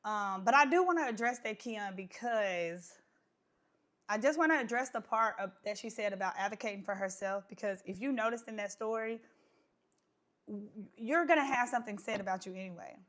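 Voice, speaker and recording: A woman's voice: mid-range voice, normal speed, fairly bright tone. Woman w/ hosting a live stream, outspoken, chatty, lots of fillers. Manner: outspoken, conversational with filler words. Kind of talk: casual live chat.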